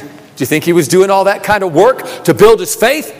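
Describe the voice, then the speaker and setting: A man preaching a sermon, asking rhetorical questions and repeating phrases, building from soft talk to emphatic calls. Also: high voice, fast talker. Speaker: pastor. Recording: long reverb of a large hall.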